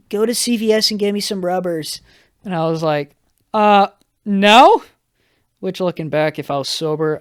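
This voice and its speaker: A young man hosting a solo podcast, telling a story in a casual, rambling, profane way, a little hoarse and stopping often to correct himself. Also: mid-range voice, darkish tone, dry recording, clean studio sound. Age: young adult. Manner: rambling, profane, self-interrupting. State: slightly hoarse. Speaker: podcast host.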